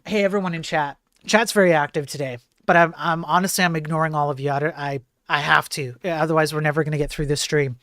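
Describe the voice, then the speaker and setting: A man's voice: a little high, fairly even intonation, fast, hardly any pauses, bright, forceful tone, no echo, studio quality. A man hosting a livestream, commenting casually on videos as he plays them, swearing often, repeating himself and reading on-screen text aloud. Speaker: livestream host.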